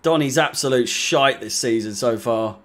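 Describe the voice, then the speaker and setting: A man's voice: medium pitch, moderate pace, fairly bright tone. A young man from England hosting a live football watch-along, deflated, sweary and sarcastic. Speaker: fan channel host.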